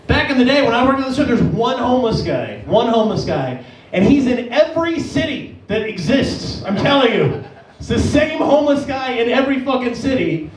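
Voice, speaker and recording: Profane high-voiced man doing stand-up. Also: slight background noise. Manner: profane, animated, jumps into high-pitched impressions. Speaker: stand-up comedian. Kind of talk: stand-up set. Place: comedy club stage. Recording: echoey club from a distance.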